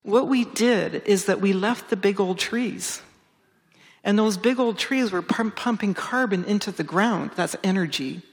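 An enthusiastic woman researcher explains her forest work to a live audience. She often restarts her phrases, and her voice jumps up whenever a result excites her. Her voice rings out into a hall with a long reverb. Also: mid-range voice, unhurried. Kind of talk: public talk answering interview questions.

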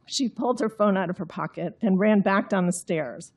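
A woman's voice: medium pitch, moderate pace, a little mellow, husky. A woman reading her own novel aloud in an understated, droll way, then explaining the story. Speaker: author.

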